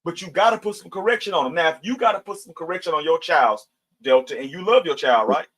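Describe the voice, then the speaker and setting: A man's voice: a little high, quick pace, a bit bright, breathy edge, rough recording. A middle-aged man teaching a casual Bible study, mixing scripture readings with everyday talk. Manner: preachy, conversational, with scripture readings.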